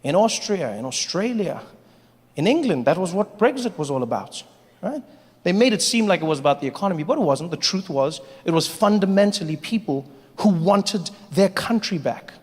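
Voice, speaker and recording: A man from Africa doing stand-up comedy, animated and mocking as he builds to each punchline. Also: sits high, normal speed. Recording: live hall with audience.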